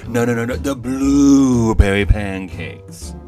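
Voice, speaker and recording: A man voicing a haughty, pompous woman from the church hierarchy who drags out her words slowly. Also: fairly low pitch, faint music behind, lightly acted. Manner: slow, drawn-out and affected. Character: posh, pompous woman, a high church official.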